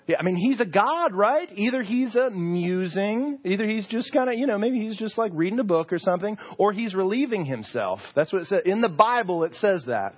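A man preaching a sermon as pastor, telling the story with animated asides and rhetorical questions. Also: sits high, a little fast, few pauses, slightly rough, muffled recording.

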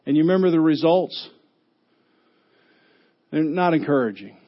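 A man is preaching to his church, with a voice that sits a bit high for a man. He sometimes breaks into a shout as he acts out a coach yelling at a wrestler. The recording sounds dull and muffled. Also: lively intonation, moderate pace. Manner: rises to a shout when acting out a yelling coach. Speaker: pastor. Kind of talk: sermon.

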